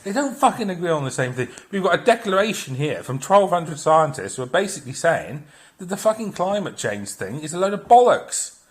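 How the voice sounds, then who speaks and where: A middle-aged man tears into his topics in a blunt, profane solo rant. His voice sits a little high and swings widely in pitch as he heats up. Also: sing-song, a little fast. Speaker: commentator.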